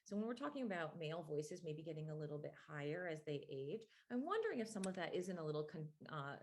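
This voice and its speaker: Female laryngologist, low voice, lecturing with frequent fillers. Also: very animated, fast, a little hiss or hum. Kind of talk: medical grand rounds lecture.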